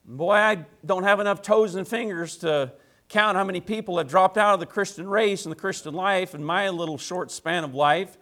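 A man's voice: high-pitched, normal speed, fairly bright tone. A male pastor preaching a sermon in a folksy, conversational way, with emphatic repeated phrases and rhetorical questions. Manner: folksy, conversational address to the congregation.

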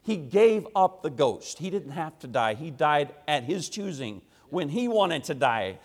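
Guy preaching a sermon, pretty high voice, gets loud and punchy, repeats lines for emphasis. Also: very animated, a little slow, few pauses. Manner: swings from quiet low asides to loud emphatic preaching; repetitive, rhythmic emphasis.

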